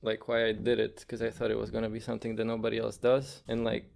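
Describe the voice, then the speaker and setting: A young man, a podcast guest, telling stories in a relaxed, casual way full of "like" and "bro". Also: on the low side, fast, creaky. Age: young adult. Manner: relaxed, says "bro" and "like" a lot. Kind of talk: casual storytelling.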